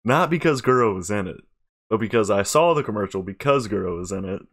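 A woman's voice: a bass voice, expressive, quick pace, slightly rough. A woman host reacting to clips casually, laughing often and musing aloud. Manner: laughs often, drawling, curious.

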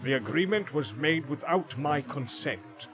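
A man's voice: on the high side, lively intonation, measured pace, pitched above the performer's own voice. Man voicing a stubborn, defiant dwarf warrior. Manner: gruff, defiant, forceful delivery. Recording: background music.

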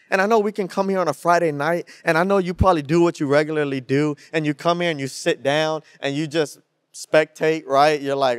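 A young man preaching to a youth group in a slangy, energetic style with call-and-response. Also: on the high side, no room sound, studio quality. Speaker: youth pastor. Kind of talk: sermon.

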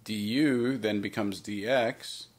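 Male math teacher, fairly low voice, works through problems aloud with light playful asides. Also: fairly even intonation, extremely slow. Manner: talks through steps with himself, playful asides. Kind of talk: recorded math lesson walkthrough.

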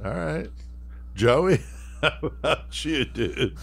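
A man's voice: fairly high pitch, animated, slow pace, creaky, husky. A man hosting a podcast in a laid-back, casual way. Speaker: podcast host.

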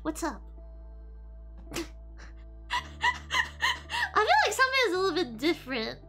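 A young woman streaming casually to her viewers, bubbly and giggly, often breaking into high squeals. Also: big pitch swings, a little slow, over music. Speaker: VTuber streamer.

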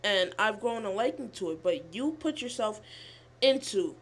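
A young woman vlogger telling a rambling, animated, profane story in casual chat. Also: mid-range voice, normal speed.

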